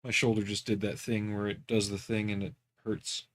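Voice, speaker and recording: A man's voice: on the low side, moderate pace. A man chatting casually while he builds on a livestream, dry and joking in his asides. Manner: wry, joking, deadpan asides.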